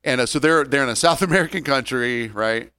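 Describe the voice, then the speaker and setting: A man's voice: medium pitch, a little fast, sharp tone, clean tone, dry recording. A man in his forties chatting casually on a podcast, ranting wryly and joking. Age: 40s. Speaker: podcast co-host. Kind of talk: casual chat.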